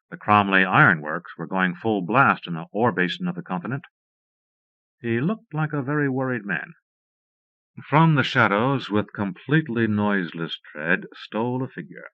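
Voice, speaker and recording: A man reading a pulp short story aloud as an audiobook narrator, in a measured storytelling read. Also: fairly low pitch, animated, no room sound. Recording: dull lo-fi cassette audiobook.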